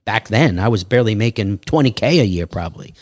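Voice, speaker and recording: A man telling stories as a podcast guest in an animated, casual way, acting out other people's lines. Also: on the low side, quick pace, no room sound, studio quality. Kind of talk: casual interview storytelling.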